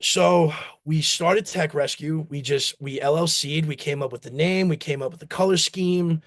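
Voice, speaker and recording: A man's voice: fairly high pitch, normal speed. A man, a company founder from the United States, telling rambling stories with acted-out quotes in a casual interview. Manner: rambling, anecdotal, acts out family quotes.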